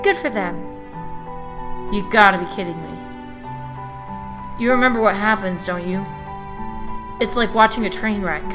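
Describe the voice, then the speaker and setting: A woman commenting as she plays a story game, chatty and thoughtful with quick asides. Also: mid-range voice, music in the background. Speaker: let's play gamer.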